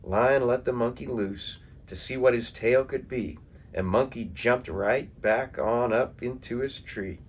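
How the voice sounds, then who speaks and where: A man reading poems and folktales aloud in a calm, measured storytelling manner. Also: medium pitch, slightly rough. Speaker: poetry reader.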